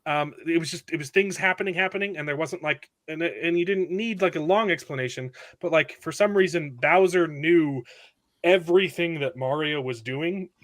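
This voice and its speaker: Lively man chatting as host. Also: moderate pace. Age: adult with a young son. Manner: animated, jumps pitch high when imitating. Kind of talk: casual panel chat.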